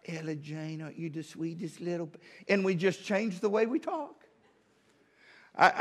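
Folksy pastor in his fifties. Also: sits high. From American South. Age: 50s. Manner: folksy and humorous, with many restarts; drops to a quiet, intimate tone for asides. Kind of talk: sermon.

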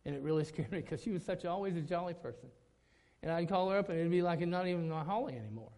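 A middle-aged man, a pastor preaching a sermon, telling a story that climbs to loud, emphatic peaks. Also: fairly high pitch, animated, quick pace.

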